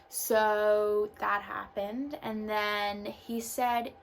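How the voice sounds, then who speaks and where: A young woman vlogger tells a personal story in a mid-range, flat voice with vocal fry, at a measured pace and with hardly any pauses. Her casual storytelling is full of "like" and loose asides, with faint background noise behind her.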